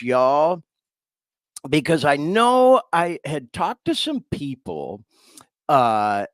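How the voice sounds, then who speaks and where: A man's voice: on the high side, huge pitch swings, drawn-out words, long pauses, dry recording. A man hosting a podcast, talking casually and heartfelt, choking up as he speaks. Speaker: podcast host.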